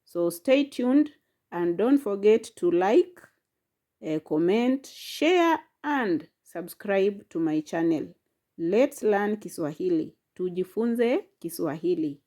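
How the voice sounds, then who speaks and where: A woman's voice: medium pitch, expressive, takes it slowly, mellow. A woman teaching a language lesson, saying each word and syllable carefully and repeating it. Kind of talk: slow instructional lesson.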